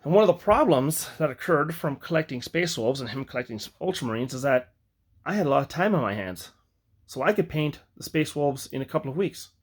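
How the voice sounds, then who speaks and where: A man's voice: fairly high pitch, sing-song, husky. Rambling, reflective man telling his story. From Ireland. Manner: rambling, reflective, halting with self-corrections. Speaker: vlogger. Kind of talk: personal storytelling.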